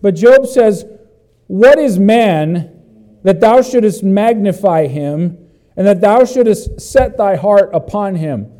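A man preaching a sermon as pastor, walking through a Bible passage and breaking into loud exclamations. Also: high-pitched, expressive, slow pace.

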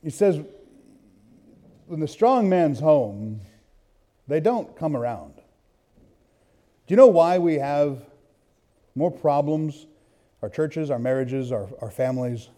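A man preaching a sermon, telling a story and then reading scripture, swinging from hushed asides to loud bursts. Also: a little high, expressive, slow, long pauses. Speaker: pastor.

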